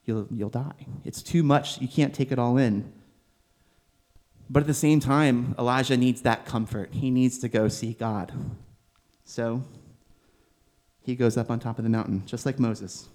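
A man preaching a sermon in a conversational, animated way, using filler words as he goes. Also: medium pitch, unhurried. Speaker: pastor.

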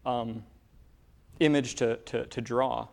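A man preaching a casual sermon, talking in halting bursts full of fillers and restarts. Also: medium pitch, steady tone, gravelly, darkish tone. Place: church with a room of divinity students.

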